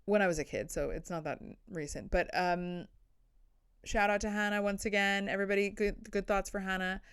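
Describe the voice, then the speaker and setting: Rambling woman comedian with a smooth, dry voice. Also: medium pitch, steady tone, fairly quick, dry recording. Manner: rambling, blunt, self-deprecating. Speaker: podcast host, comedian. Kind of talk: casual solo comedy podcast. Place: indoors, sitting on the floor.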